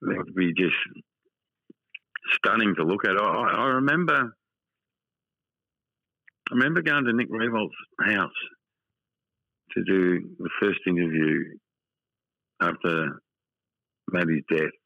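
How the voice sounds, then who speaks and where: Australian man, deep voice, gravelly, dry studio sound. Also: expressive, slow, pauses often, no room sound, lo-fi sound. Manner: blunt, repetitive, emotional storytelling. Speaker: football writer guest. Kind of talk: casual interview chat.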